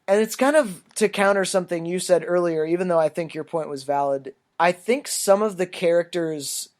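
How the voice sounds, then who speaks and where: Higher-voiced man rambling through a movie review. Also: a little mellow. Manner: loose, rambling, swears freely. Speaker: podcast co-host. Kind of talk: casual movie review chat.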